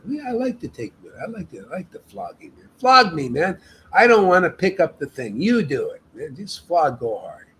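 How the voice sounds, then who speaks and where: Leading a devotional meetup, a man whose voice sits on the high side preaches in a casual, emphatic style, often tacking "man" onto his sentences. The talk is an informal devotional sermon, and the recording is rough.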